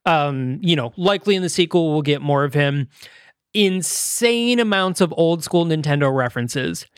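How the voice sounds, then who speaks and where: Man, podcast host, casual chat, higher-pitched voice, rambling with fillers, dry close sound. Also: normal speed, clear, resonant tone, no echo. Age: adult parent. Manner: rambling, with many fillers and restarts; animated retelling, quoting others in little voices.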